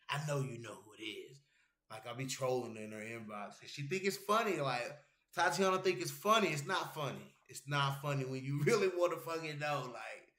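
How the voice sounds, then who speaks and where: Expressive and fairly quick, this medium-pitched male voice sounds pushed and bright in an echoey room. He's hosting an MMA livestream, chatting loosely with viewers, cursing, rambling, and reading chat messages aloud.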